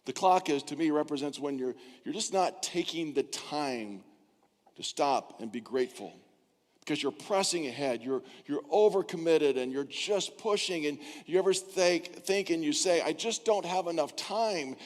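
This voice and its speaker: A man's voice: fairly high pitch, lively intonation, moderate pace. An older man preaching a sermon as pastor, in a conversational way that acts out quoted inner voices. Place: church sanctuary. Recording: church hall with long reverb.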